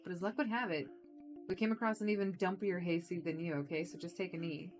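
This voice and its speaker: A woman voicing a small, energetic, rude male film director in a video game, talking brash, loud and condescending. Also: fairly low pitch, quick pace, soft background music, natural voice.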